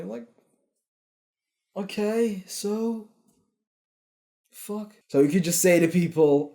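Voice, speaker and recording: A man's voice: on the high side, expressive, a little slow, mellow. A young man, a fitness coach, giving a blunt, profane motivational talk that turns into rants. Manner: blunt, swearing, ranting.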